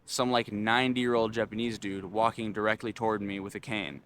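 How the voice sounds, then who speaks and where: A young man vlogging, telling a frustrated, swear-filled story in an animated, ranting way. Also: fairly low pitch, brisk, slight background noise.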